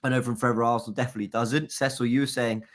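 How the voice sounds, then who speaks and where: A man's voice: medium pitch, little pitch movement, very fast. A man hosting a casual live stream, chatty and self-mocking, talking into a laptop mic.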